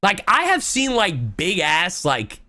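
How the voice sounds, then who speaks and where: A young woman ranting on her live stream, exasperated and full of profanity. Her pitch leaps all over the place, from low mutters to high yelps. She keeps breaking off to answer her chat and thank her subscribers. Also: big pitch swings, pushed and bright, soft background music. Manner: exasperated, swearing, rapid-fire ranting.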